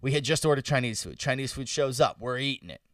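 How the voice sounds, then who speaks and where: Young male podcast co-host: lively, profane storyteller, recorded dry and a little off-mic. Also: mid-range voice, fast, no echo, recorded from a distance. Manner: animated storytelling, swearing freely. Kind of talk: casual chat. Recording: dry sound, a bit off-mic.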